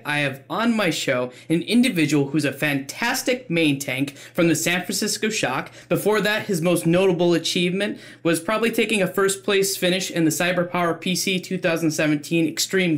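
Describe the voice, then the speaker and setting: A man hosting an esports interview podcast, opening with a scripted intro and then asking questions in an eager way, stumbling over his words when excited. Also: on the high side. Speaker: podcast host.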